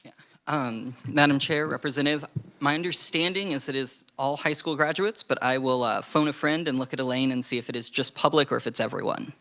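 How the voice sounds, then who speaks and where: A man's voice: medium pitch, pushed and bright. Man briefing a committee with fillers. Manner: measured, hedging with frequent fillers. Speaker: legislative staff presenter. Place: legislative committee room.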